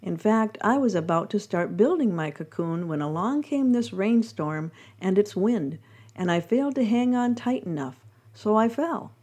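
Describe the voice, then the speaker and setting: A woman voicing a gentle, polite female caterpillar in a storybook reading, speaking courteously and earnestly with a mellow tone. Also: medium pitch, lively intonation, moderate pace, breathy edge.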